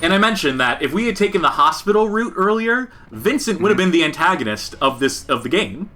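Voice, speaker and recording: A man co-hosting a podcast, giving joking, animated commentary on a game. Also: high-pitched, fairly quick, faint music behind. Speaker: podcast co-host.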